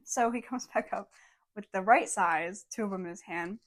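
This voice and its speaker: A young woman co-hosting a podcast, telling a story in a casual, animated way and saying "like" often. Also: medium pitch, measured pace. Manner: animated storytelling, heavy use of "like". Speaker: podcast co-host.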